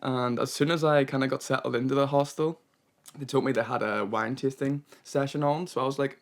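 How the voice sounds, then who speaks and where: A man's voice: mid-range voice, steady tone, quick pace. A young man narrating his travel vlog in a chatty, rambling way, full of "kinda" and "you know". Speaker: travel vlogger.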